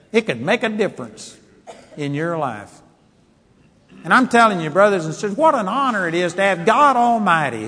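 A man preaching a sermon, telling stories emphatically and swinging from quiet asides to loud declarations. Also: high-pitched, breathy edge, big-room sound.

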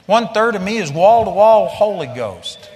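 A male preacher delivering a blunt, forceful sermon. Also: high-pitched, very animated, normal speed, long reverb tail.

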